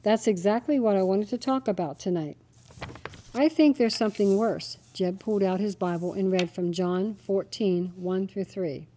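A woman's voice: mid-range voice, moderate pace, warm tone, slight background noise. A woman narrating a family devotional story in a scripted reading voice, lightly voicing the characters' lines.

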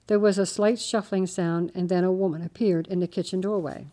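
Woman gently reading a Christmas story, mellow voice. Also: fairly low pitch, steady tone, brisk, few pauses. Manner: gentle, changes her voice slightly for each character. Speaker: narrator.

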